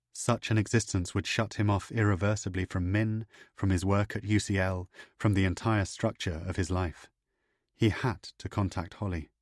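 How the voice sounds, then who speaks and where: Male audiobook narrator, very low voice, steady and measured, dry booth sound. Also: dry recording. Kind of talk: scripted thriller narration.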